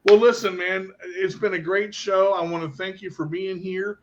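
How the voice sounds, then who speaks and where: A man's voice: high-pitched, level tone, normal speed. A man hosting a casual radio chat, jokey and rambling, slipping into silly impressions. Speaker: podcast host. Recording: dull lo-fi audio.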